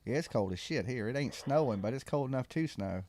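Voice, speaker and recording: A man's voice: medium pitch, expressive, brisk, a crowd in the background. A man hosting a live call-in show from his studio, talking in a loose, slangy, joking way and sounding congested. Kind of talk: casual call-in chat. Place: home studio.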